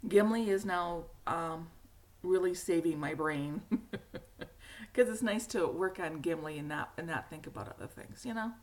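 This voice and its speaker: A middle-aged woman with a hoarse, cracky voice, hosting a knitting podcast in a rambling, casual chat with frequent laughs. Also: on the low side, moderate pace, darkish tone. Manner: chatty, rambling, laughs often. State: hoarse, frog in throat.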